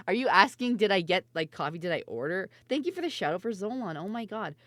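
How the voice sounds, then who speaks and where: A woman streamer chatting casually and loudly with her viewers, laughing often and swearing freely. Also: mid-range voice, sing-song, a little fast, dry recording. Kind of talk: casual live-stream chat.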